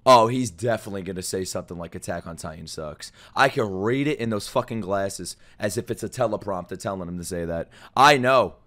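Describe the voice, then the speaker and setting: A man reacting to a video as a streamer, talking loudly and excitedly, swearing often and breaking into sudden outbursts. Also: on the low side, brisk, few pauses. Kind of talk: anime reaction commentary.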